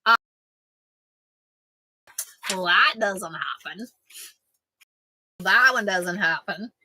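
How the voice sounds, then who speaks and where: A woman's voice: mid-range voice, expressive, very slow, sharp tone, a little hiss or hum, low-quality recording. A woman chatting casually as a quilting vlogger, joking and answering viewers. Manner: chatty, jokey, reads out sayings and answers viewers. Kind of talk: casual live chat.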